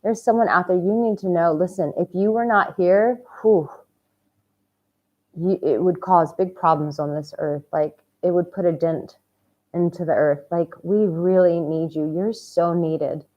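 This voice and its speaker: A woman dating coach giving a heartfelt motivational vlog talk, swinging from hushed tenderness to loud, exuberant outbursts and swearing casually. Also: fairly low pitch, fairly even intonation, a little slow, muffled recording.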